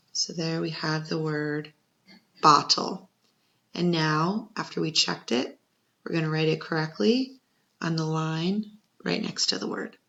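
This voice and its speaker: A woman's voice: deep voice, gravelly. A woman teacher giving a patient second-grade spelling lesson, sounding out syllables and encouraging young learners. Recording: muffled lo-fi recording.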